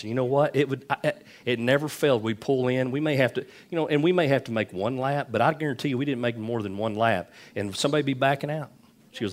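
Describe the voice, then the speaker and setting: A man's voice: mid-range voice, fast. A middle-aged man preaching a sermon, telling folksy stories with lots of repetition. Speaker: pastor.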